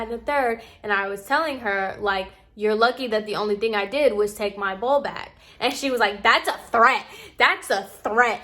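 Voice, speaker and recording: A young woman recounting a story to her vlog audience, her voice bright and fairly high. She talks casually and gets animated and exasperated as she acts out both sides of the conversation. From Puerto Rican heritage. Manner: animated, exasperated retelling, acting out quotes. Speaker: vlogger.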